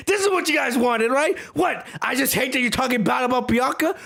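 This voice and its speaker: A man hosting a podcast, delivering a heated review rant, repeating words for emphasis and shouting back at viewers in the chat. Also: very high-pitched, brisk, creaky, few pauses, slightly rough. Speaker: podcast host.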